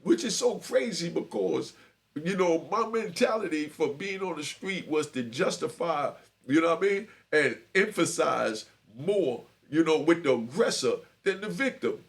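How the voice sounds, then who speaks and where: An older man spins a street story for younger listeners, laid back and streetwise, and he is feeling unwell. His voice sits fairly high and has a gravelly rasp. His pitch swoops up and down a lot as he acts out the people he quotes. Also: animated, unhurried. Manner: streetwise, keeps checking in with "you know what I mean".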